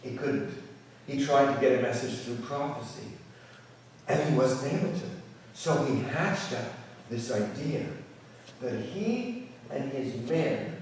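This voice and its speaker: A man who is a rabbi, telling a folk story in an animated lecture, often repeating words as he goes, in a synagogue sanctuary. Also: medium pitch, slow, a little hiss or hum. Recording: echoey hall, distant mic.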